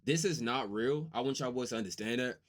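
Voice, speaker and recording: A young man from the United States hosting a casual reaction video, excitable and slangy, often cutting in with loud outbursts. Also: mid-range voice, fairly quick. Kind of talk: casual live reaction chat.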